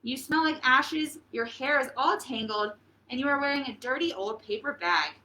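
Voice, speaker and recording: A woman's voice: sits high, moderate pace, bright, forceful tone, roomy sound, a little hiss or hum, rough recording. A woman reading aloud and voicing a snobbish, fussy young prince who scolds. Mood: scornful. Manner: scornful.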